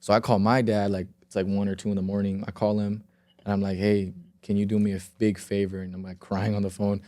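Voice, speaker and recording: A young man with a fairly low voice, speaking as a podcast guest. His tone is dark and mellow, and the recording is dry and close. He rambles through his story with filler words, acts out quoted dialogue and swears freely. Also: flat delivery, quick pace, no echo. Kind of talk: casual storytelling. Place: podcast studio.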